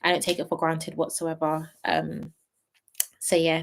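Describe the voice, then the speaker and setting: A woman's voice: sits low, level tone, measured pace. A young woman streaming live late at night, praying earnestly and then thanking her viewers, close to tears and repeating herself. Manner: earnest and heartfelt, repeating phrases. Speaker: YouTube reality-show reviewer.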